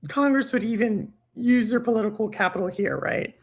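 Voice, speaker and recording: A podcast host in casual chat who talks in an animated way, thinking aloud and restarting sentences. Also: medium pitch, a little fast, breathy edge.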